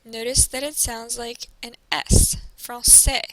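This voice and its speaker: High bright woman teaching clearly. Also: animated, no room sound, rough recording. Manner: slow, careful explanation with modeled pronunciations. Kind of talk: recorded classroom presentation.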